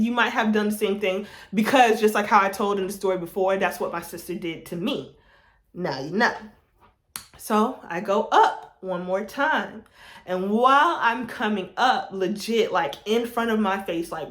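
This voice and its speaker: A young woman telling a casual storytime to her camera, animated and laughing through it. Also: medium pitch. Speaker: vlogger. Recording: roomy echo.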